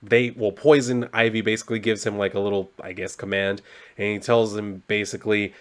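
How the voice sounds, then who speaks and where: A man's voice: on the low side, little pitch movement, a little fast. A man casually recapping a comic book story, rambling loosely with lots of fillers and some mild swearing.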